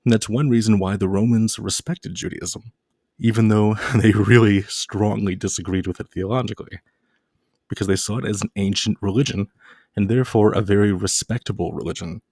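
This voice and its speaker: A man's voice: on the low side, fairly even intonation, fairly quick, darkish tone, no echo, studio quality. A man giving a casual video lecture, dropping playful jokes and mock-scary asides.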